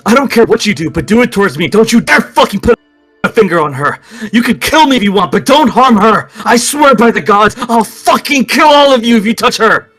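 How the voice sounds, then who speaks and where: A man voicing a young man in chains who yells in fury to protect a friend. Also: high voice, expressive, a little fast, husky, soft background music, pitched above the performer's own voice, exaggerated voice. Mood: furious. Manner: yelling, raw, desperate.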